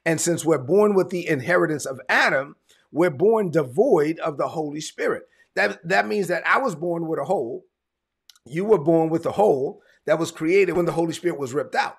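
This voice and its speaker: A man preaching a sermon in a conversational, emphatic way, repeating his points, with a gravelly, husky voice. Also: a little high, expressive, normal speed. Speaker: pastor.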